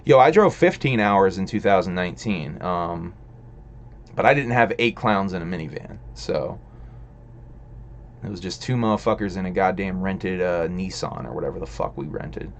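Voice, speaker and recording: A man's voice: low voice, expressive, moderate pace, a little hiss or hum. A man hosting a casual livestream, rambling profanely and chatting with viewers in the chat. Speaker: livestream host reading chat.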